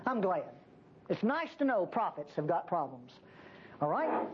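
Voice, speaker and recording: In a lowish voice at normal speed, a woman conversationally teaches a church group a Bible passage. She gets animated, performing the prophet's pleas as she goes, and the sound is dull lo-fi tape with faint hiss.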